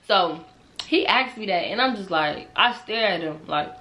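Bright-voiced young woman telling a storytime. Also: medium pitch, normal speed. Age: young adult. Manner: animated, laughing, swearing freely; talks straight to viewers. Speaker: storytime vlogger. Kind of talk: casual storytime.

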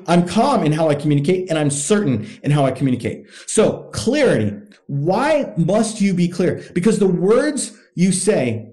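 A man's voice: high-pitched, warm tone. A man hosting a podcast who coaches other men in a blunt, profane and emphatic motivational monologue, drilling his key points by repetition. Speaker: podcast host, men's coach.

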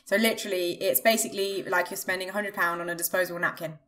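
A woman's voice: lowish voice, fairly even intonation, a bit bright. A woman co-hosts a casual podcast from an empty, echoey spare room. She chats wryly and teases the others, laughing easily. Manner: wry, teasing, quick to laugh. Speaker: podcast co-host. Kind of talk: casual chat.

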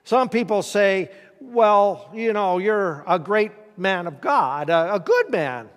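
Folksy high-voiced pastor in a reverberant church. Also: male voice, very animated, takes it slowly. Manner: folksy, asks the congregation questions. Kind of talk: conversational sermon. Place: church sanctuary.

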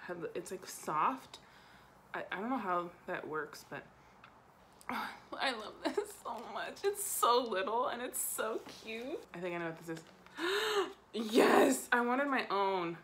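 A young woman chatting excitedly at home as she unboxes makeup, gasping and giggling as she goes. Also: a little high, unhurried, a little hiss or hum. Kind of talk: excited casual unboxing chat. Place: home room.

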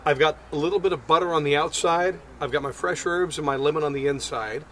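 Male home cook host, casual and jokey, bit higher voice, outdoor camera-mic sound. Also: fast talker. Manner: upbeat, jokey, gets loud and excited. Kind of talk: casual cooking demo. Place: outdoor backyard grill area. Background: faint burner roar and outdoor noise.

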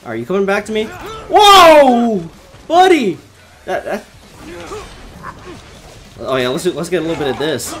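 A man giving live gameplay commentary from his bedroom, excitable and quick to shout and laugh. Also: on the high side. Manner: excitable, loud exclamations and laughs. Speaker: gaming YouTuber.

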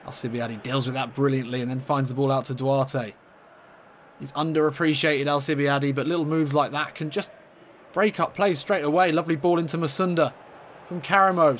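A man commentating his own football video game match in a playful mock-commentator style, getting excitable and leaping up in pitch at chances. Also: brisk, slight background noise. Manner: excitable, jumps high in pitch at chances, laughs often.

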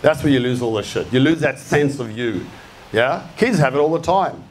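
A man's voice: medium pitch, animated, moderate pace, a little hiss or hum. An Australian man in his fifties giving a live motivational talk, blunt and punchy, swearing freely as he rouses the room. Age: 50s. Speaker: speaker. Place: event venue with an audience.

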